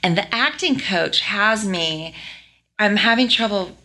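A woman's voice: medium pitch, animated, unhurried, sharp tone. A woman, a guest on a podcast, telling her own career story candidly in a conversational interview. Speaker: podcast guest, former lawyer.

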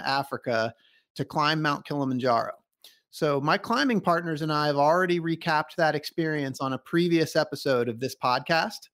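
Eagerly recounting a story during a podcast interview, this host imitates the voices of the people he quotes. He speaks with a fairly high, slightly bright voice.

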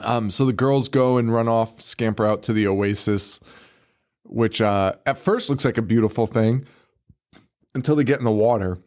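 A man's voice: medium pitch, normal speed. A man on a podcast casually recapping a horror movie, swearing often and laughing as he tells it. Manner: laughing, profane, animated storytelling. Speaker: podcast co-host.

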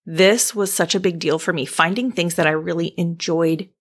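A woman hosting a faith-based podcast, speaking gently and encouragingly to the listener, her mouth dry, pausing now and then to clear her throat. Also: fairly low pitch, fairly even intonation. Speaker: podcast host.

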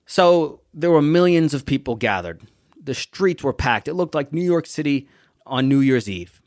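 A young adult man hosting a motivational podcast, telling a story and preaching with emphatic, drawn-out words. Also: a little high, animated, a little mellow, dry recording, studio quality. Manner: preachy, emphatic, stretching key words slowly.

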